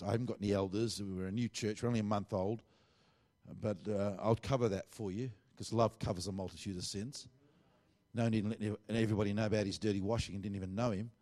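Middle-aged pastor, lowish voice, chatty sermon storytelling. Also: male voice. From Australia. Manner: conversational, animated storytelling with quoted dialogue.

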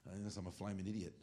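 Joking Australian preacher, rambling asides. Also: male voice, low-pitched. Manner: rambling and joking, with frequent asides and self-corrections. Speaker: preacher teaching a ministry class. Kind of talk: informal sermon.

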